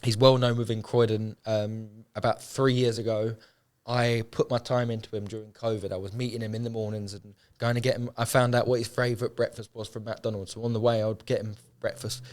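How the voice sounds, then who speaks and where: A man's voice: lowish voice, little pitch movement, a little fast, a little mellow. Earnest young man. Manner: earnest and heartfelt, colloquial, repeats phrases for emphasis. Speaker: homeless charity founder. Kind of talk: emotional podcast interview.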